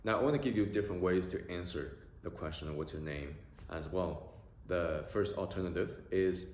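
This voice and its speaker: A man teaching beginner Spanish phrases, drilling pronunciation with slow, drawn-out vowel sounds. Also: deep voice, darkish tone. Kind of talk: beginner language lesson. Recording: echoey room with faint noise.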